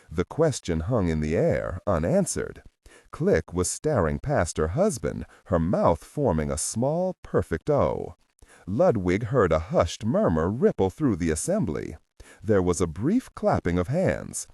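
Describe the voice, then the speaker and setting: A male audiobook narrator reading a thriller with a deep, husky voice. His pitch swings widely as he reads. The sound is dry and close, with no room around it. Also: huge pitch swings, measured pace, warm tone, dry recording. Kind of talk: scripted narration.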